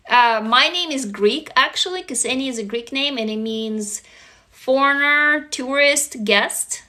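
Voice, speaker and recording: A woman from Russia, hosting a casual livestream chat, gushing and excitable, swearing freely. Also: high voice. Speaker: livestream host.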